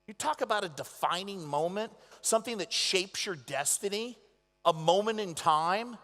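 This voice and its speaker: A man giving a motivational convention speech, telling stories dramatically and swinging between loud and hushed delivery. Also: sits high. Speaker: motivational speaker. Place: large convention hall. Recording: echoey convention hall.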